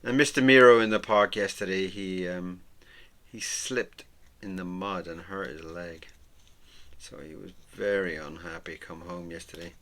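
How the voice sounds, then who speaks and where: Slow, bright-toned rambling middle-aged man. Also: low voice, steady tone. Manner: rambling and sentimental, with soft murmured asides; chuckles often. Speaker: artist and channel host. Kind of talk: casual chat while drawing.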